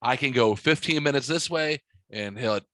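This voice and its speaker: A podcast host, a man, tells a rambling story in casual chat. He swears a lot and acts out every line of dialogue. His mid-pitched voice sounds dry, with almost no room around it. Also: moderate pace, a bit bright, no room sound.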